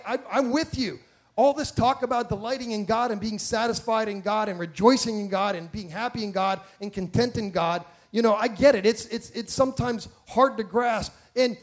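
A man with a noticeably high voice delivers a sermon in a church. He preaches with animated emphasis, circling back through restarts and pressing his listeners with rhetorical questions.

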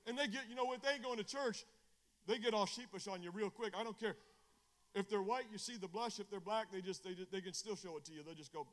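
A middle-aged male evangelist preaching fervently at a Bible study. He repeats phrases and restarts often, and shifts from loud bursts to low, confiding talk. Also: fast talker.

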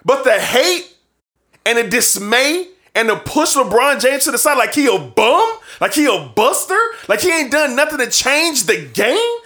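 A man's voice: extremely high pitch, sing-song, a little slow, bright, forceful tone. A man hosting a sports show, ranting emphatically and repeating his points for effect, with bursts of laughter between points. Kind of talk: sports opinion rant.

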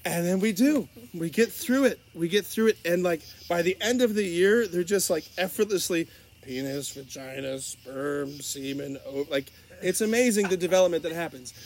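A middle-aged man, a sex education teacher, tells classroom stories and gives advice in a lively way, laughing often and acting out his students' voices. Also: high voice, moderate pace. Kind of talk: animated storytelling and advice.

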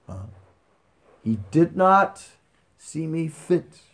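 A humble monkey devotee, as a man acts him out, pleading and then crying out in emphatic bursts. His voice is gravelly and pitched up from the teller's own, swinging between soft begging and loud insistence. It comes across as sacred storytelling told aloud to a gathering. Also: sing-song, extremely slow, full character voice. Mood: anguished. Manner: pleading, rising to emphatic cries. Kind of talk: storytelling within a spiritual talk.

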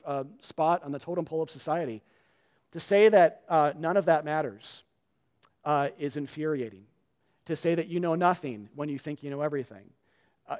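A man preaching a sermon in a conversational way, with frequent fillers and restarts, his voice dropping low and quiet for asides. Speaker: pastor.

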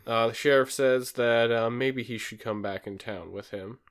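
A man's voice: mid-range voice, moderate pace. A man co-hosting a podcast, casually recapping a TV episode with many fillers. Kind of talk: casual chat.

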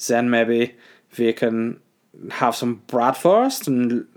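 A man putting on a camp, leering German man with a thick put-on German accent and drawn-out invitations. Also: medium pitch, expressive.

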